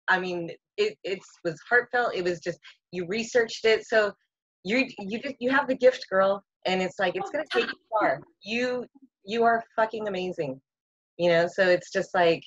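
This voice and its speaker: A woman's voice: medium pitch, fairly bright tone, no room sound. A woman gushes and swears freely on a casual group video call. The sound is dull and lo-fi. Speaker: wrestling school staff.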